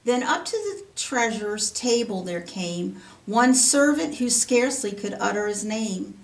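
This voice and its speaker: Slow woman reading a rhyming story. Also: medium pitch, animated. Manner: slow, sing-song rhyming cadence. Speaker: Sunday school teacher. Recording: roomy, from a distance.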